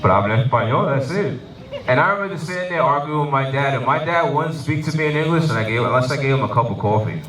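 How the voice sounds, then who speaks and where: A man doing stand-up comedy, telling animated, swearing stories and laughing at his own jokes. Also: on the high side, very fast, hardly any pauses. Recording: roomy live venue, mic from a distance.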